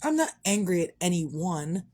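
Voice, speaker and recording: A woman's voice: lowish voice, big pitch swings, unhurried, darkish tone. A middle-aged woman, talking frankly in a rambling, casual monologue and swearing freely. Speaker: vlogger.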